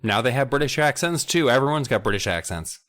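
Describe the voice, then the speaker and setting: A man's voice: medium pitch, lively intonation, a little fast, a bit bright. A man co-hosting a comedy podcast, chiming in with wry, profane remarks. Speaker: podcast co-host. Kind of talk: casual comedic chat.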